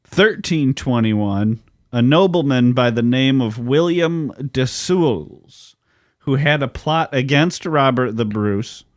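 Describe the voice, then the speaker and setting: A man with a mid-range voice co-hosts a podcast, telling grim history facts in a relaxed, wry tone. He often drifts into dry asides. The recording is close and dry, with no echo. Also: medium pitch. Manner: laid-back, wry, laughs often. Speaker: podcast co-host, history researcher. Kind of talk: casual chat mixed with history recounting.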